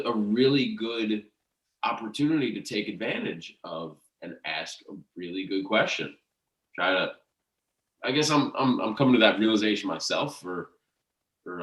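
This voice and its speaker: A very low-voiced man talks through a casual podcast chat in a slow, halting manner, often restarting his sentences. He sits back from the mic in a room with a noticeable echo. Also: a bit bright. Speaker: podcast host. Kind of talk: casual conversation. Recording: echoey room, distant from the mic.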